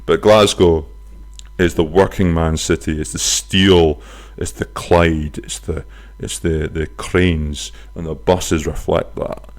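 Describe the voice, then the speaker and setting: A man hosting his own podcast, chatting casually from his flat, telling stories with silly voices and some swearing. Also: sits low, slow pace. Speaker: podcast host. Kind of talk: casual solo podcast chat. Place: flat near a bus stop.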